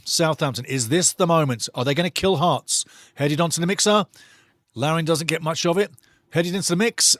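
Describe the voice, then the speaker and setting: Man, middle-aged, live football watch-along commentary, energetic, chatty, slightly high voice, dry close mic. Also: dry recording. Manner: energetic, chatty, jumps between play-by-play and stories.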